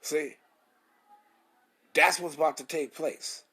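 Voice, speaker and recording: A man preaches scripture with a husky, fairly high voice. He hammers his points with repeated rhetorical questions and blunt swearing, in an emphatic street-style sermon. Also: fairly even intonation, slow pace, pushed and bright.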